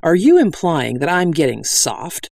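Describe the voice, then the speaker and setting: A man voicing a gruff, cranky middle-aged woman sword fighter in a storybook reading, snappish and quick to anger. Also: a little high, big pitch swings, darkish tone, no room sound, clean studio sound, heavily acted. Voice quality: irritable, snappish.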